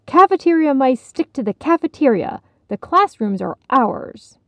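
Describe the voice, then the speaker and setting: A woman's voice: sits high, sing-song, unhurried, no room sound, voice pushed up, heavily acted. A woman voicing Heidi's mother, a firm, protective mother mouse, in a storybook reading. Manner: firm, commanding.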